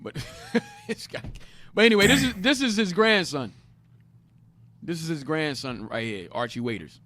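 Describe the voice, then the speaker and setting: A man's voice: fairly high pitch, animated, normal speed, sharp tone. A man leading an interactive Bible lesson. He explains each passage, repeats the key points with emphasis, and keeps prompting his reader to go on. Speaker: Bible class teacher.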